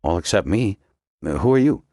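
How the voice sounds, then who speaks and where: A man's voice: sits low, very animated, moderate pace, warm tone, dry recording, clean studio sound, pitched above the performer's own voice, heavily acted. A man doing a faltering nervous police diver. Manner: hesitant, faltering.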